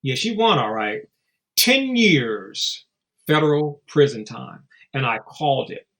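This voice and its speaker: This man's mid-range voice is a bit bright and very animated, though he speaks slowly. As a guest in a casual interview, he's blunt and profane, telling stories and acting out the quotes.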